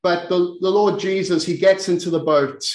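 A man's voice: high voice, steady tone, moderate pace, reverberant. A man preaching a sermon, retelling a scripture story and often repeating words as he goes. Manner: repeats words while speaking, dramatic quoted lines.

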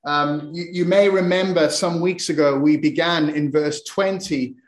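A man's voice: on the high side, fairly even intonation, unhurried, reverberant, low-quality recording. A man preaching a sermon in earnest, often repeating and restarting his words.

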